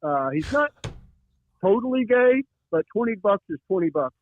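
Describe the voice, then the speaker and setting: A man calling in to a live show, talking deadpan and halting, as a mock awards official. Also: sits high. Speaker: prank caller posing as an awards official. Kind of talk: deadpan prank phone call. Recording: tinny phone line.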